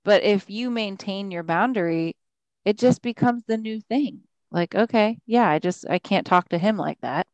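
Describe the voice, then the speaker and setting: A woman's voice: medium pitch, moderate pace, a little mellow, no room sound, lo-fi sound. Firm-spoken woman giving advice, dry sound. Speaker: podcast co-host. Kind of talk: casual chat.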